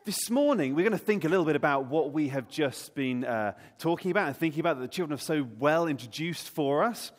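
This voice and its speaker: A man's voice: fairly high pitch, fairly quick, hardly any pauses. A man leading an Easter all-age talk in church, playfully quizzing the congregation. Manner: lively and playful, quizzing the audience. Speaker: preacher. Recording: long hall reverb.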